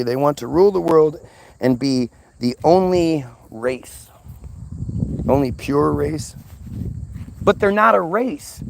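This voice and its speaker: Guy ranting on and on, kinda high-pitched, keeps restarting his words. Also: vocal fry, a little hiss or hum. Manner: ranting, agitated. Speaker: commentator. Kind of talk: unscripted monologue.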